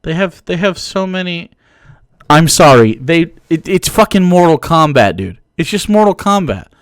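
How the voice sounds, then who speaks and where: Sarcastic young streamer, clear voice. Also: male voice, on the high side, lively intonation, normal speed, no echo, clean studio sound. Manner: sarcastic, profane, mocking. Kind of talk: live-stream commentary.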